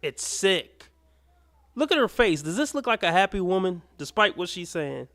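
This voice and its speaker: A man's voice: high-pitched, very animated, a little fast, a bit bright. A man giving blunt, mocking commentary as he reacts to clips. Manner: blunt, mocking, swears freely.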